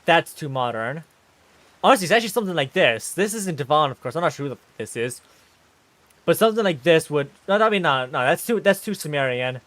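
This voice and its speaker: A man streaming live, talking casually and ranting excitedly in bursts while reacting on screen. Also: a little high, brisk, no echo.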